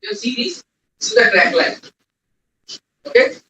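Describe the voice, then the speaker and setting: High, bright-voiced trainer. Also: male voice, wildly swooping pitch, measured pace, dull audio, a little hiss or hum. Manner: quizzes the class, repeats key points. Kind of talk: classroom lecture. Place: lecture hall. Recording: echoey room, distant mic.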